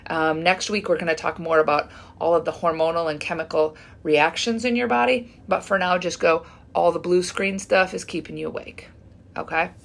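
A woman's voice: on the low side, steady tone, normal speed. A woman in her fifties, a fitness coach, giving casual advice straight to her listeners in a chatty way, often checking in with "right?". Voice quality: gravelly and husky. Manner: chatty, keeps asking "right?". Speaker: fitness coach and menopause community host. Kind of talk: casual advice talk to camera.

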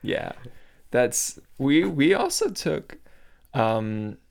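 A young man in casual chat, speaking haltingly and laughing along. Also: mid-range voice, wildly swooping pitch, gravelly, darkish tone.

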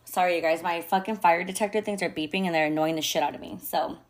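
A woman's voice: fairly low pitch, steady tone, fast talker. Blunt, swearing woman podcaster. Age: adult mother. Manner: blunt, heavy swearing, frequent fillers; mixes in Spanish phrases. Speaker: podcast host. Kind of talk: candid casual monologue.

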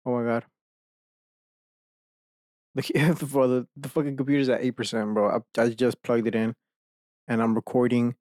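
A man's voice: medium pitch, level tone, moderate pace, pauses often, darkish tone, dry recording. A man hosting a casual solo podcast from his desk at home, talking into a desk microphone, rambling, swearing a lot and laughing mid-sentence. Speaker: podcast host.

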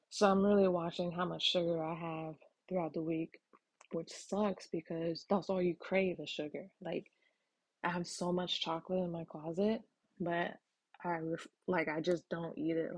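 A woman's voice: on the low side, fairly even intonation, unhurried, husky. A woman hosting a casual solo podcast, talking frankly with lots of ums and casual swearing. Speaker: podcast host.

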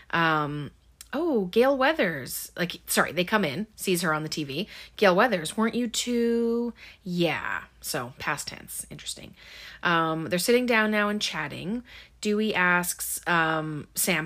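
A woman casually recapping a horror movie plot, chatty, with lots of ums and likes, slipping into quick quoted lines. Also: lowish voice, fairly bright tone.

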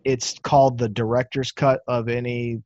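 Animated man telling stories on a call. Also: mid-range voice, normal speed, no room sound, highs cut off. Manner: animated storyteller, acts out quotes. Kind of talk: casual chat.

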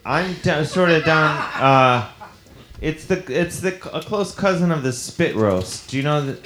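A man telling an improvised comic story in a halting, deadpan way, full of fillers and restarts. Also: fairly high pitch, reverberant, background noise. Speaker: improv guest in character.

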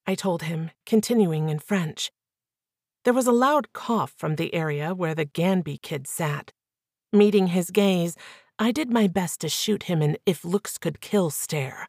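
A woman's voice: lowish voice, measured pace, a little mellow, dry recording. Woman narrating a novel, dry sound. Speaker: audiobook narrator. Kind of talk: first-person novel narration.

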